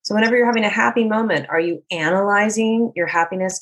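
A woman's voice: medium pitch, fairly quick, few pauses. A woman life coach speaking in an earnest, reflective way, sometimes acting out people's inner voices as she talks. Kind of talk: casual conversation.

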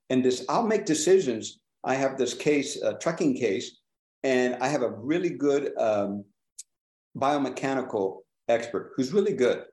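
Animated trial lawyer, echoey room. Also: male voice, medium pitch. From California. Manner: animated, asks the room questions. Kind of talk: panel discussion.

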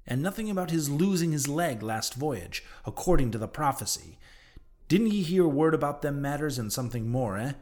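A man's voice: fairly high pitch, expressive, moderate pace, a little mellow, voice pushed up, lightly acted. A man voicing a ragged old male sailor prophet who talks in emphatic, mocking old-fashioned sea speech. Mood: ominous. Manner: archaic sailor talk, emphatic, derisive.

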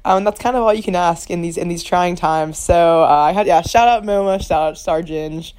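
A woman's voice: fairly low pitch, a little fast, a little mellow, clear, resonant tone, dry recording. A young woman co-hosting a student podcast, chatting casually in a rambling, self-deprecating way. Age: young adult. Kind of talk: casual chat.

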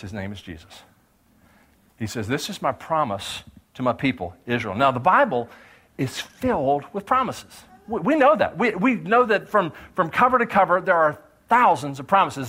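A man preaching a sermon, shifting between lively teaching and lowered, voiced quotes. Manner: animated preacher, voicing God and doubters in lowered tones. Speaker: pastor.

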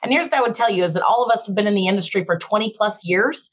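A middle-aged woman hosts a casual panel chat about lending, talking in a brisk, conversational way. Her voice sits at a middle pitch. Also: husky. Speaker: mortgage lender and podcast host.

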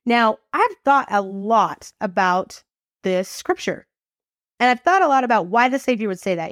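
Lively higher-voiced woman telling a story. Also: normal speed, no echo, clean studio sound. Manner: lively, expressive storyteller, casual and chatty. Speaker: podcast host. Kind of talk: faith-based storytelling talk.

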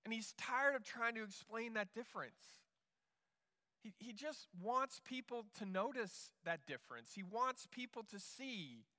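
A man's voice: high-pitched, bright, forceful tone, in a large hall. A male pastor preaching a sermon in an earnest way, often repeating words as he restarts.

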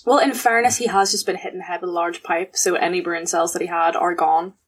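Giggly woman, husky voice. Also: lowish voice. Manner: lively, giggly, quick to joke. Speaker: podcast co-host. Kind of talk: casual chat recapping a cartoon episode.

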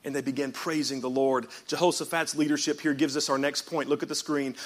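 A man pastor preaching a sermon in church, swinging from quiet reading up to shouted, rhythmic repeated phrases and calling out to the congregation. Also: on the high side, little pitch movement, a little fast, few pauses. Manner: calls out to the congregation.

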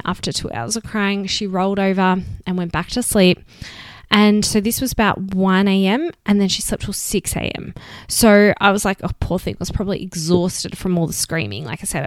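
Woman, Australian accent, young adult, podcast host, candid, emotional, smooth clear voice, dry close recording. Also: mid-range voice, no room sound. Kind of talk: solo podcast talk.

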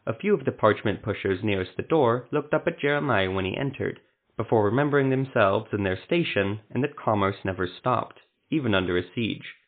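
A man narrating a fantasy story in a steady, descriptive reading style. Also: on the low side, fairly quick. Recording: phone-like narrow sound.

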